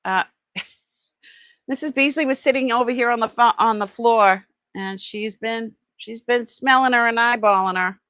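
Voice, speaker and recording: A middle-aged woman chatting casually during an online jewelry sale, trailing off with fillers and switching to high cooing baby talk with her pet. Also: normal speed, fairly bright tone, clean tone, no room sound. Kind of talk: casual live-sale chat.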